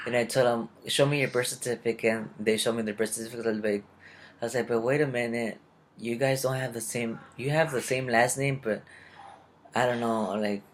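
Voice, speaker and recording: A man's voice: mid-range voice, a little hiss or hum. A young man casually telling a rambling personal story and acting out the people he met. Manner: rambling, confused, retells conversations in quotes. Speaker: vlogger.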